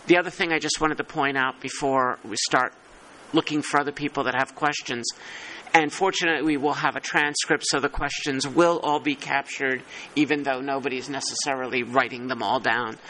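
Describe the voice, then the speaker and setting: A man's voice: mid-range voice, bright, forceful tone, a little hiss or hum, low-quality recording. A man chairing a working-group meeting, thinking aloud and poking fun at himself. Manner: thinking aloud, self-deprecating.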